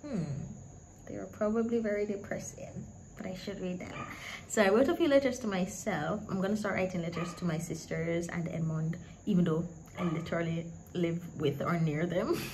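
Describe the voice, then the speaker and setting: A woman's voice: fairly low pitch, moderate pace, darkish tone, poor audio. Candid woman rambling in a vlog. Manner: rambling, candid, laughs and swears casually. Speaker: vlogger. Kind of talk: casual vlog chat. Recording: background noise.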